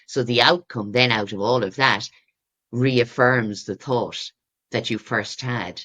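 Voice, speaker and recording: A woman, a therapist guest speaking in a reflective coaching way, acting out inner voices and rising to excited peaks. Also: extremely low pitch, takes it slowly.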